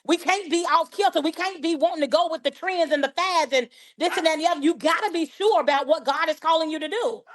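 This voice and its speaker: Her voice is extremely high, and she talks fast with hardly any pauses. A life coach on a podcast, she tells faith-filled stories in a chatty style. She's animated, performing the dialogue of each person she describes.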